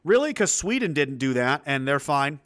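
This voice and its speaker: A man delivering a heated, profane monologue of political commentary, emphatic and fast to anger. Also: a little high, very animated, a bit bright, dry recording. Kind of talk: ranting monologue.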